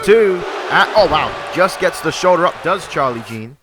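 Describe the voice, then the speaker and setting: A man giving excited play-by-play commentary on a video game wrestling match, shouting at the big moves and talking to the folks watching. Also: a little high, moderate pace. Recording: loud game music and crowd noise behind. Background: video game wrestling crowd and music.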